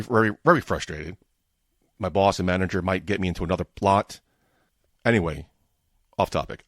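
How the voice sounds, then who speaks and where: A man's voice: sits low, no echo, studio quality. A man hosting his own podcast, telling a frustrated, profane story about his bad week in a casual monologue. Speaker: podcast host.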